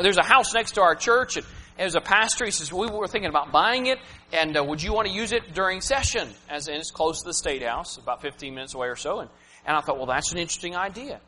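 A man in his thirties preaching a personal, emotional sermon, swinging from loud to hushed. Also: high-pitched, fast. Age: 30s. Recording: reverberant hall, faint hum.

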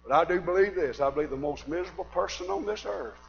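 A man preaching a sermon, swinging from shouted fiery passages to quiet, earnest talk. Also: on the high side, fast, gravelly, dull audio, soft background music.

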